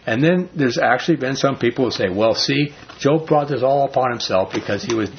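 A man leading a Bible study, reading scripture slowly and then explaining it in loose, casual talk with a husky voice. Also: mid-range voice, animated, slight background noise. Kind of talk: informal Bible study teaching. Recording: dull lo-fi recording.

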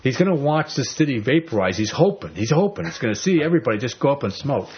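A man teaching a Bible passage in a casual sermon, telling the story with animated energy and repeating words. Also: medium pitch, quick pace, husky. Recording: dull lo-fi recording.

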